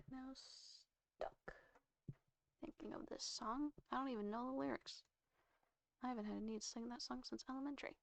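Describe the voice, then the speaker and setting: Woman, slightly high voice, casual live-stream chat, friendly back-and-forth with viewers. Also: vocal fry. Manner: chatty, answering viewers and saying goodnights. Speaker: livestreamer.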